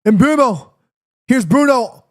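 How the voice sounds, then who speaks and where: A man's voice: very high voice, takes it slowly. Hyped guy doing live football play-by-play on stream, chatty, talks to chat a lot. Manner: excitable, chatty, talks straight to viewers with slang. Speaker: streamer hosting a football watchalong.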